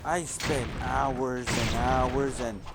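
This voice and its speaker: A man's voice: mid-range voice, steady tone, extremely slow. A man doing casual gameplay commentary as a let's play host, rambling and correcting himself as he goes. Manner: rambling, self-correcting storyteller. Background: game music playing.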